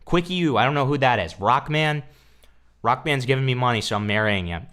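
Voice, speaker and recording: A man hosting casual reaction commentary, crude and sarcastic, swearing constantly and dropping into low mumbled asides. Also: lively intonation, fairly quick, a bit bright, clean tone. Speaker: commentary host.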